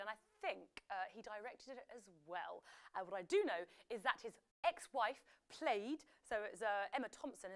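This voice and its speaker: A young woman hosting a live quiz, chatty and jokey, with playful whispered asides. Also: fairly high pitch. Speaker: quiz host.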